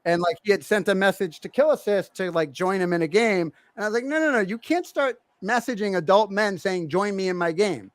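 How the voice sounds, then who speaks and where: A man's voice: high voice, a little fast, few pauses, no room sound. A middle-aged man co-hosting a podcast, telling a family story in casual chat and acting out his kids' voices. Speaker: podcast co-host.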